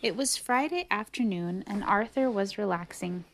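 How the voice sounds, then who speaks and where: A woman reading a children's picture book aloud with an animated delivery, lifting her voice for the characters' lines. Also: mid-range voice, normal speed, hardly any pauses. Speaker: storybook reader.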